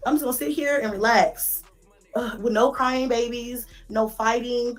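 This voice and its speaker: A woman's voice: a little high, moderate pace, soft background music. A woman, telling stories about her kids in a casual vlog, swearing and laughing as she goes. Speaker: mother vlogger.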